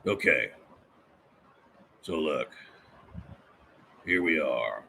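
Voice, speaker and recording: A man voicing a folksy, rambling middle-aged handyman who clears his throat often while chatting with viewers. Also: very deep voice, expressive, extremely slow, bright, forceful tone, a little hiss or hum, pitched below the performer's own voice, heavily acted. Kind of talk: live-stream character chat reading viewer comments.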